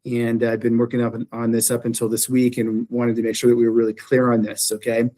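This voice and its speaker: A man lecturing a beginning Greek class in a classroom. He explains step by step, restates his points and keeps checking that his students follow. His voice sits in an ordinary middle pitch. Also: monotone, quick pace, warm tone. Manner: explanatory, repeats phrases, checks in with "right?". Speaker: Greek instructor.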